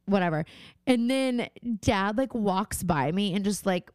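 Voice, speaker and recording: A woman with a clear, resonant, mid-range voice co-hosts a podcast, recounting a family story a little fast in casual conversation. Her animated telling is packed with "like" and "um", and the dry recording is studio quality.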